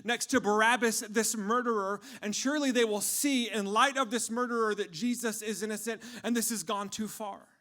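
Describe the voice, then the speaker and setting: A man voicing a scheming, uneasy Roman governor in a dramatic retelling, loud and emphatic. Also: high voice, fairly even intonation, normal speed, few pauses, voice pushed up.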